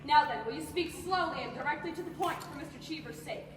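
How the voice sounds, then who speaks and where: A teenage girl playing a stern Puritan magistrate pressing for a confession in a high school stage play. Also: background noise, lightly acted. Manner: insistent, drawn-out questioning. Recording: echoey hall from far off, phone.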